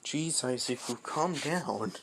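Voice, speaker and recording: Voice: medium pitch, lively intonation, slow pace, a little hiss or hum. A narrator voicing a brash, swearing teen boy. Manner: blunt, crude.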